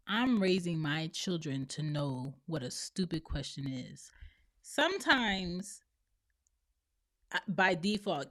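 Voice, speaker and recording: A woman around forty hosting a podcast, talking bluntly and opinionatedly on her own and acting out other people's lines. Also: on the low side. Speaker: podcast host and mother. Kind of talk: solo opinion monologue.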